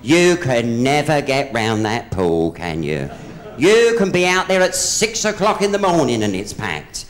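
A man's voice: mid-range voice, very animated, unhurried. A man doing stand-up on a theatre stage, telling gossipy jokes and hopping into voices for each character. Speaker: stand-up comedian. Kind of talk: live stand-up joke telling. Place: theatre stage with a live audience.

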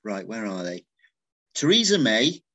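A man's voice: lowish voice, very animated, unhurried, a bit bright, no echo. Joking male interviewer, dry sound. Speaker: film interviewer. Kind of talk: casual interview questions.

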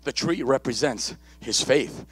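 In a church sanctuary during a live service, a male pastor delivers a sermon with impassioned repetition and calls to the congregation. His slightly slow voice has a breathy edge and no echo, sometimes shouting and sometimes dropping low.

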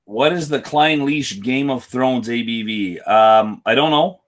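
Deadpan man on a whisky stream. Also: mid-range voice, unhurried. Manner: deadpan, plays dumb, greets viewers by name. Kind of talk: casual live-stream banter.

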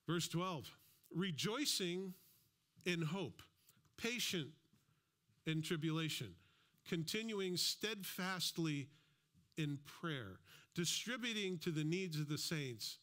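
A man's voice: on the high side, expressive, slow pace, a bit bright. A man preaching a sermon as a pastor, in a conversational style with asides and acted-out quotes. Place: church.

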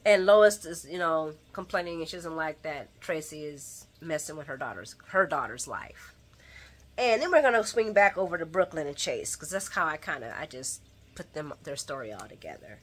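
A woman hosting a daily soap opera recap, talking straight to her viewers in an animated, opinionated way. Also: sits low, moderate pace. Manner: animated and opinionated, talks to viewers as guys and y'all, acts out retorts. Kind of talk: casual chat, daily show recap.

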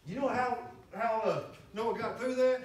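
A man preaching a sermon as a guest pastor, fiery and rising to shouts and whoops. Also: extremely high pitch, moderate pace, a little hiss or hum. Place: church sanctuary. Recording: roomy church from far off.

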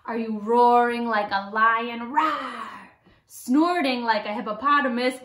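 High-voiced, playful woman reading to children. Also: a little slow. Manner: animated, playful, makes animal noises and asks children to join in. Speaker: children's librarian. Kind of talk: reading a picture book aloud to children. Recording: roomy echo.

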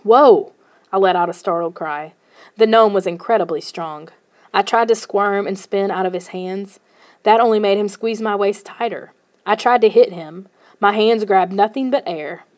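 A woman narrating a first-person children's novel in a steady storytelling manner. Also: medium pitch, normal speed. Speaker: audiobook narrator.

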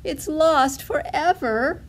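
A woman voicing an excitable little duckling girl in a storybook reading, high and eager. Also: slow pace. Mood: upset.

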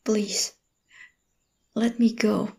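Woman voicing a guarded, lonely young woman, slow and mellow, stammering, crickets behind. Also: mid-range voice, level tone, vocal fry. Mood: resisting. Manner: hesitant, stammering, soft-spoken. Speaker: voice actor. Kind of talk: audio role-play.

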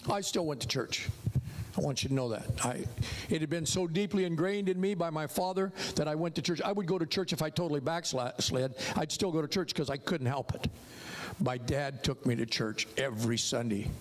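Older preacher telling his story animatedly. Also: moderate pace. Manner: animated storytelling, big pitch swings. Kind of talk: sermon testimony.

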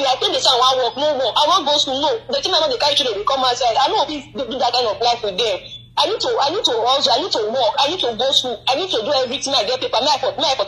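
A woman's voice: high voice, bright, forceful tone, poor audio. A young woman from Nigeria with a Nigerian Pidgin accent, calling in and pleading in distress. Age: young adult. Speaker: caller. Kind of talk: phone call appeal.

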